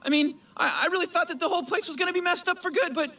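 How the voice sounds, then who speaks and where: A man's voice: extremely high pitch, very fast, sharp tone, exaggerated voice. An actor voicing an anxious, easily flustered teenage boy in a cartoon, who stammers when he is nervous. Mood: relieved. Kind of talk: cartoon voice acting.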